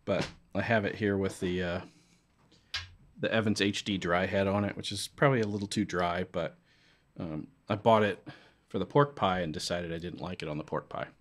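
A man's voice: deep voice, fairly even intonation, moderate pace. A man hosting an unscripted drum vlog from his studio, sweaty and out of breath, talking in a loose, rambling way with many fillers. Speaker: drummer and channel host.

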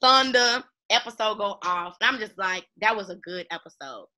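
A woman hosting a casual TV recap chat with a friend, animated and slangy. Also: medium pitch, moderate pace. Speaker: YouTube channel host.

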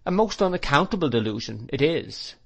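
A man's voice: medium pitch, expressive, normal speed. A man voicing a stern, disdainful spinster woman in an audiobook. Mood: cold disdain. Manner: sharp, disdainful. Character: harsh stern spinster sister.

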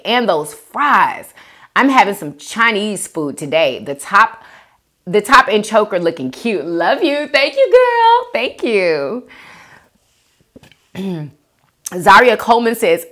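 Chatty woman with a lively voice. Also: lowish voice. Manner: chatty, reads comments aloud and reacts with gushing thanks. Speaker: mukbang host reading viewer comments. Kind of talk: casual chat while eating.

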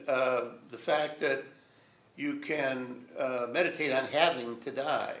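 A man's voice: mid-range voice, fairly bright tone. An older man giving a rambling, reflective storytelling lecture at a college, chuckling often. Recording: echoey lecture room.

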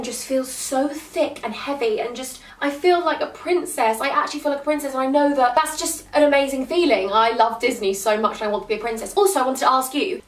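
An excitable young woman chats to her viewers in a gushing, animated way, her voice sitting a touch high. She is some way from the mic, and the room rings with echo. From England. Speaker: vlogger. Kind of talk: casual chat to camera. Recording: echoey room from a distance off the mic.

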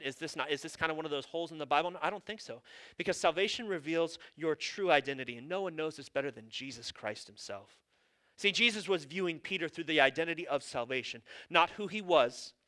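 A man's voice: fairly high pitch, bright, forceful tone. A male pastor preaching a sermon in an earnest, conversational way, with casual asides.

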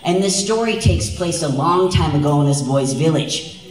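Man from Wisconsin, stage storyteller, lively, audience asides, echoey hall, distant mic. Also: a little high, moderate pace, faint music behind. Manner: lively, engaging the audience with frequent "right?". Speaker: storyteller and dance presenter. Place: large event hall.

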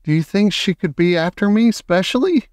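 A frightened little boy calls out anxiously, his voice pushed high and thin, as a male reader puts him on. The sound is smooth and dry, close to the mic, in the manner of a children's storybook reading. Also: animated, normal speed, a little mellow, no echo. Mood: scared. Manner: scared, calling out.

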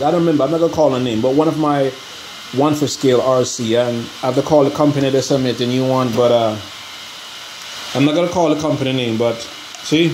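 In a casual RC hobby vlog, the male host rambles in an exasperated way and pleads with viewers for help. His voice is mid-range with a darkish tone, and the background is full of ambient noise.

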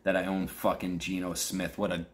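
Over a noisy background, a young Western New York man with a deep, flat voice rants crudely and with mock anger about his fantasy football league. He hosts a podcast and keeps a moderate pace.

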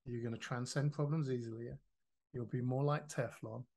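A man, a podcast guest explaining his ideas in a lively, casual way, acting out quoted voices and swearing now and then. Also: medium pitch, normal speed. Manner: animated, swears freely, acts out quoted voices.

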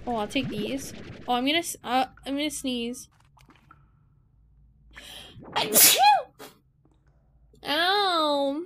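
A woman's voice: high voice, a little slow, fairly bright tone, a little hiss or hum. A woman streamer chatting casually, giggly and playful, often teasing. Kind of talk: casual livestream chat.

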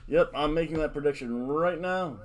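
A man's voice: a little high, moderate pace. A middle-aged man hosting a casual wrestling predictions vlog, playful and showy, with announcer-style catchphrases. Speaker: host.

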